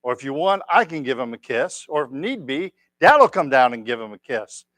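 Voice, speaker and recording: A man's voice: medium pitch, sing-song, moderate pace, a bit bright, dry recording. A man voicing a sleepy, exasperated younger sister who delivers the punchline of a joke.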